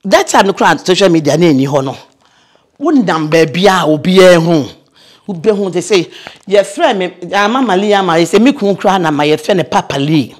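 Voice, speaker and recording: An older veteran actress from Ghana, telling lively stories in a casual interview. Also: female voice, on the low side, moderate pace. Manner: lively storyteller, mixes in English phrases.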